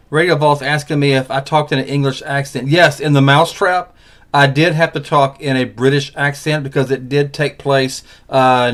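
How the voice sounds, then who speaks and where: A man hosting a casual webcast chat, reading out audience questions and laughing often. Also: medium pitch. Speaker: podcast host.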